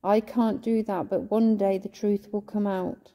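A woman ghost hunting in a church, softly pleading and coaxing as she calls out to a spirit, at times emotional. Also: mid-range voice, little pitch movement, measured pace. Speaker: ghost hunter vlogger. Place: inside a church.

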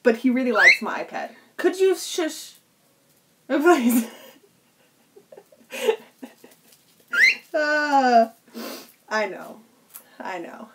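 A woman's voice: on the high side, expressive, very slow, long pauses, heavy background noise. A woman streaming cosplay work from home, chatting casually with viewers and her pet bird, laughing often. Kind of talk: casual live stream chat.

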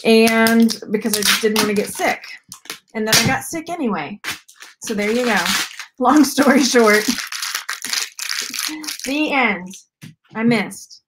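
A woman with a Southern drawl talks to her live chat in a loose, rambling way, stopping to greet viewers by name. Her voice sits a little high for a woman. It is a casual, unscripted stream. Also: slow, pauses often, very noisy. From Texas. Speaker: YouTube host.

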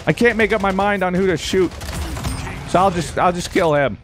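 A man giving casual gameplay commentary as a YouTuber, excitable, yelping and talking to himself as he plays. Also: high-pitched, fairly quick, soft background music. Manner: excitable, yelps and exclaims, talks to himself. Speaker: gaming YouTuber.

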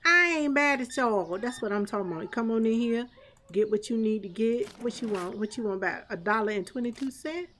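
A woman's voice: on the high side, lively intonation, a little fast, fairly bright tone, a little hiss or hum. A woman streamer giving chatty live gameplay commentary, laughing often and talking back to chat and the game's customers.

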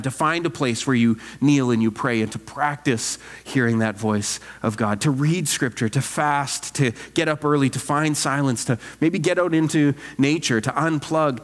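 A man, a pastor, preaching an earnest, animated sermon full of rhetorical questions. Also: on the high side, big-room sound. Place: church sanctuary.

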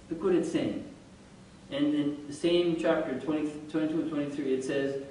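A man teaching an informal religious lesson to a group, lively and quizzing his listeners. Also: brisk. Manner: animated, quizzes listeners, chuckles. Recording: very echoey room, far from mic, faint rumble.

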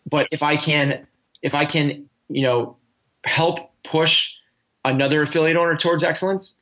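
A man's voice: fairly high pitch, fairly even intonation, moderate pace, fairly bright tone. A man talking earnestly as a coaching guest on a podcast, restarting his sentences often. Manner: earnest, with many restarts and fillers. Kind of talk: casual interview talk.

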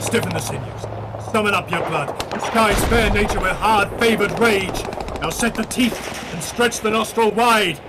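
A man plays a young king rallying his soldiers, his voice pitched high and carrying over the din. He declaims each line, building to shouted cries. Heavy gunfire and explosions roar behind him. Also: normal speed, heavy background noise. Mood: rousing. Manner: rousing, declamatory. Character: young English king rousing troops. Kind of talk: live stage performance. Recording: loud battle sound effects behind.

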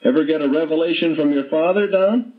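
A man's voice: a little high, fairly quick, natural voice. A man doing a taunting teenage gunman. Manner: mocking, needling questions. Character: teenage boy gunman taunting his teacher. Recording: dull muffled audiobook playback.

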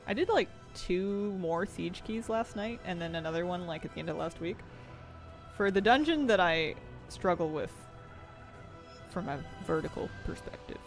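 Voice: medium pitch, expressive, moderate pace, soft background music. A game streamer chatting casually on a live stream, giggling often and reading out chat messages.

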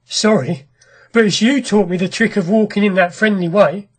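A storyteller reads as a restless ironworks master who talks fast and hard, urging his companion along. The voice is husky and sits in a middle pitch. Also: close to an everyday voice. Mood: curt. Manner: brisk, talkative, commanding. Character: ironworks owner, a grim restless man. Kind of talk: audiobook character reading.

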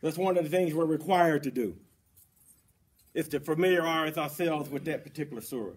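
A man serving as imam, giving a Friday sermon in a mosque, emphatic and repetitive, rising for stress and then dropping low. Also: fairly quick, slight background noise.

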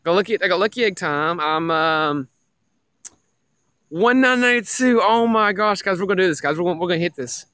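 Young man, excitable streamer, keeps repeating himself, fairly high pitch, dry sound. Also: fast, few pauses, no room sound. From Tennessee. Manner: excitable, repeats himself, addresses chat as guys. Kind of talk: casual live-stream gaming chat.

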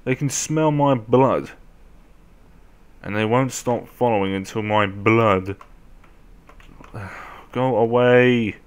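A young man commentating a game as he plays, often shouting at zombies. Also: on the low side, takes it slowly, pauses often, smooth. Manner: animated, often yelling at zombies. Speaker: gameplay commentator. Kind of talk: let's play commentary.

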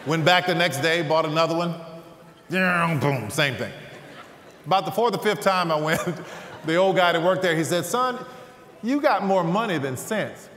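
A man delivers a sermon as a string of funny, animated personal stories, his voice sitting a little high for a man. The sound carries the long echo of a big hall with faint background ambience. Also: moderate pace, slight background noise. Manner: humorous, animated storyteller. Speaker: guest preacher. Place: large church hall stage.

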